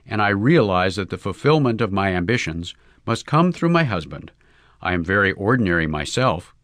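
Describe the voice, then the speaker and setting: A man's voice: sits low, very animated, moderate pace, fairly bright tone, no room sound, studio quality. A man reading as a haughty, scornful young woman. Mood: cool. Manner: cool, scornful.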